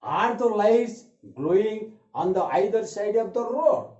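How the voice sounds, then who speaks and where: Guy teaching grammar, high mellow voice, repeats examples, echoey dull recording. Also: lively intonation. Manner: repeats each sentence slowly, explanatory. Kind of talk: classroom grammar lesson. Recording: echoey room, dull lo-fi sound.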